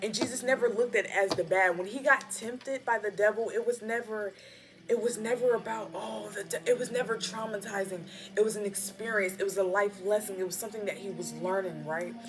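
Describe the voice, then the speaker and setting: A woman's voice: mid-range voice, steady tone, fairly quick. A woman giving a casual, slangy spiritual pep talk while reading tarot cards. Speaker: tarot reader. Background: background music.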